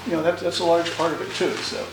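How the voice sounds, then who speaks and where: A man's voice: on the high side, flat delivery, quick pace, distant mic, music in the background. Older man telling road stories, roomy sound. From New York, USA. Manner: rambling, folksy, many restarts. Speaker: interviewee, motorcycle owner. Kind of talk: storytelling interview.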